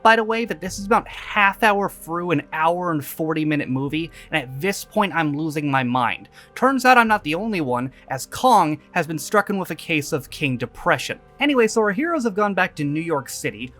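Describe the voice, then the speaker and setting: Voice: mid-range voice, very animated, moderate pace, hardly any pauses, fairly bright tone, faint music behind. A movie reviewer doing a comedic recap narration, sarcastic and profane and mock-exasperated. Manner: riffs with goofy quoted voices for characters.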